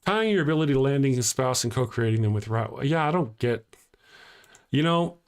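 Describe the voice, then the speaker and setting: A man's voice: mid-range voice, lively intonation, fairly quick, clean tone. A man hosting a live-streamed talk show, ranting heatedly and answering chat comments aloud from home.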